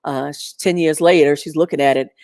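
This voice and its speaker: Middle-aged woman, storytelling, animated and chatty, low voice, dry sound. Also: brisk, no echo. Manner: animated, laughing, lots of fillers. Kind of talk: personal storytelling.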